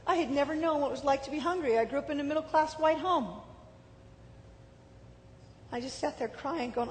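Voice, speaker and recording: Middle-aged woman, earnest testimony talk, higher voice, recorded in a reverberant hall with a faint rumble. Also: fairly even intonation, brisk, long pauses. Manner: earnest, emotional storytelling. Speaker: speaker giving testimony.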